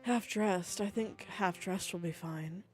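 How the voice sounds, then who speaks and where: A woman doing a tall, refined aristocratic lady who purrs her lines low and slow, commanding in every word. A faint bed of music plays under the reading. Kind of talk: reading game dialogue aloud.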